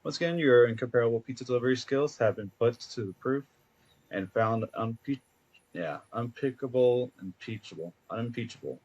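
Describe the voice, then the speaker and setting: A man's voice: mid-range voice, normal speed, darkish tone, slightly rough, muffled recording, natural voice. A man reading out the letter of a pompous, flowery-spoken married man in a video game, in grand archaic phrasing with frequent stumbles.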